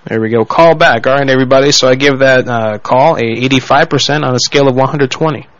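A man's voice: mid-range voice, quick pace, no room sound, lo-fi sound. A man hosting a live-streamed prank call show, joking brashly with his chat.

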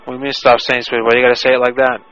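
A man's voice: medium pitch, monotone, rapid-fire, fairly bright tone, lo-fi sound, natural voice. A man playing a touchy adult male prank caller who keeps taking offense and repeats himself. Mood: indignant. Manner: indignant, repetitive, picks fights over words. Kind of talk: prank phone call.

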